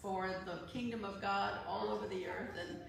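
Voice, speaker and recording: A woman's voice: medium pitch, normal speed, creaky. Earnest woman co-pastor, distant and echoey. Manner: earnest, steady, heartfelt. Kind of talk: sermon reflection. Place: church. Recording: echoey sanctuary from far off with noise.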